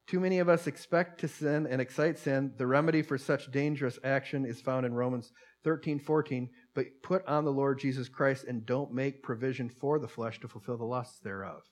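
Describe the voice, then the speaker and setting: A man preaching a sermon in a loose, chatty way, often restarting phrases and slowing down to read stories and scripture aloud. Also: mid-range voice.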